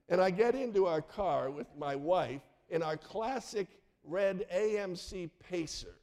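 Middle-aged pastor, man, sermon storyteller, slightly high voice, acts out characters. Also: a little slow, hardly any pauses. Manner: animated, acts out voices in his stories.

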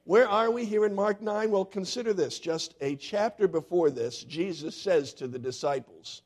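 Animated preaching man in a sanctuary. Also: sits high, moderate pace, few pauses. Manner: animated preaching, quizzing the congregation, swings from loud to hushed. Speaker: pastor. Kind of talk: sermon. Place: church sanctuary.

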